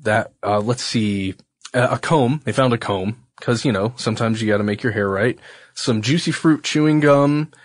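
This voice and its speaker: A man's voice: medium pitch, normal speed, no echo. A man co-hosting a podcast, explaining a case in casual chat with joking asides. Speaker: podcast co-host.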